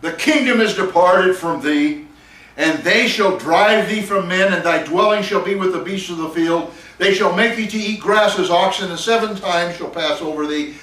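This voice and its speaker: A man teaching a Bible class, chuckling and animated as he tells the story and reads scripture aloud. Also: high voice. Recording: echoey room, voice from a distance.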